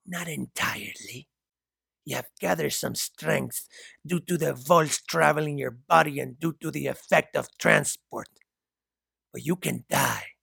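List: man doing a calm menacing boss, mocking, gravelly, husky, dry storybook read. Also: fairly high pitch, measured pace, no echo, exaggerated voice. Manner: smooth, mocking, chuckles darkly. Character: calm menacing male captor, cigarette-smoking boss.

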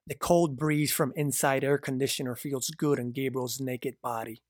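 A man narrating a dark story in a measured, descriptive reading. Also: mid-range voice, vocal fry, dry recording, studio quality.

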